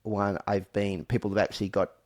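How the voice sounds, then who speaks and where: A man's voice: fairly low pitch, brisk. A man hosting a podcast in casual chat, joking, restarting his sentences and trailing off. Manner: animated, restarts and trails off, jokey. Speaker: podcast host.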